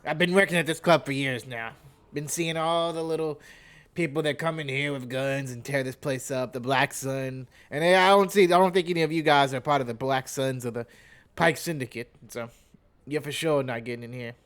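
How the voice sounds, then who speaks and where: A man's voice: mid-range voice, moderate pace, a bit bright, smooth, pitched below the performer's own voice, lightly acted. A man voicing a suspicious, threatening male club bouncer in a tabletop game.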